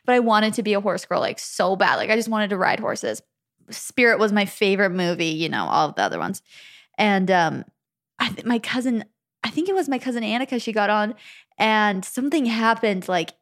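A young woman from Arizona chats on a relaxed podcast. She tells stories in a chatty way and giggles often, with a mid-pitched voice. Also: a little fast. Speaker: podcast co-host. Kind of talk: casual chat.

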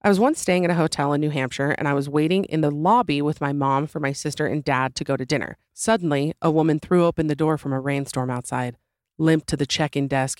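A woman podcast host with a sore throat reads listener stories and wanders into joking, self-deprecating tangents. Her voice sits low for a woman and is recorded close and dry. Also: darkish tone, dry recording. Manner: chatty, rambling asides and self-deprecating jokes. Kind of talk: casual podcast chat and story reading.

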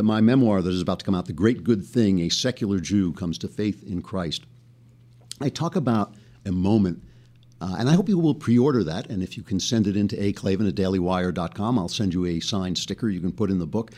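A man hosting a podcast monologue, an animated storyteller with chatty asides who breaks into laughs mid-sentence. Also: sits low. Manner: recites poetry with rhythmic, dramatic emphasis. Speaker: podcast host.

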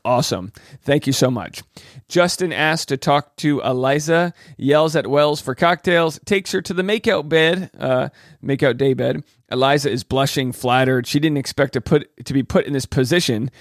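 A man's voice: fairly high pitch, dry recording, studio quality. A man hosting a podcast, recapping a reality show in a casual, joking way, with playful asides and mock voices. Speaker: podcast host.

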